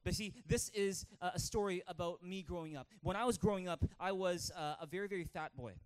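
A man with a Canadian accent preaching a lively sermon in church, calling for amens and acting out a childhood story. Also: high-pitched, fairly quick, smooth. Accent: Canadian English. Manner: energetic, calls for amens, tells stories with acted-out voices. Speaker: pastor.

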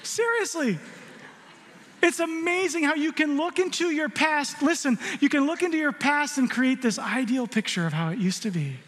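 A middle-aged man preaching a sermon as pastor, an animated storyteller who mixes jokes with rhetorical questions. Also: very high-pitched, moderate pace. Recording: long hall reverb.

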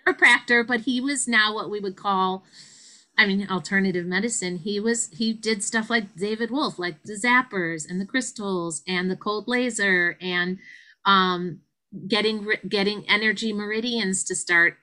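A middle-aged woman, a guest, telling her story in an animated way and acting out the quotes. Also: normal speed, poor audio. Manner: animated, acts out quotes with big pitch jumps. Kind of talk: conversational storytelling.

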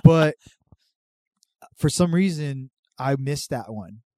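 A man's voice: a little high, slow pace. A man telling a story in casual chat, swearing freely and acting out what others said. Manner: profane, animated storytelling. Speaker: podcast guest telling a story.

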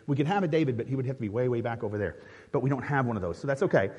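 In a church sanctuary, a male pastor with a husky, darkish, medium-pitched voice directs a live nativity skit during an interactive Christmas sermon. He is expressive and very fast, playful and chatty, laughing often and restarting a lot. Long reverb from the large hall trails his words.

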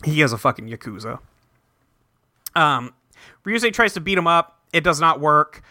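A man hosting a casual podcast, retelling an episode in an animated way and briefly acting out the characters' lines. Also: on the high side, dry recording, clean studio sound. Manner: animated storyteller who drops into quick voices for characters. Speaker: podcast host recapping an episode. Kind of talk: casual chat.

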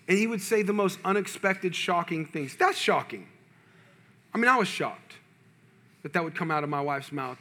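A male pastor preaching a sermon, telling a personal story with animated, humorous delivery to his congregation. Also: high voice.

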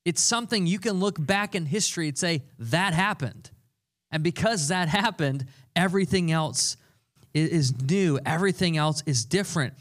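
A man's voice: fairly high pitch, normal speed. A young adult man preaching a sermon, earnest and conversational, repeating key phrases for emphasis. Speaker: pastor.

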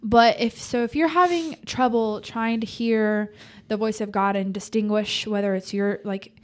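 A young woman in a casual faith chat with her friends. She talks loosely and openly, piles on fillers and pokes fun at herself. Her pitch sits in an ordinary middle range. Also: steady tone, a little slow, a little mellow. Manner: chatty, self-deprecating, many fillers. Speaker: podcast co-host.

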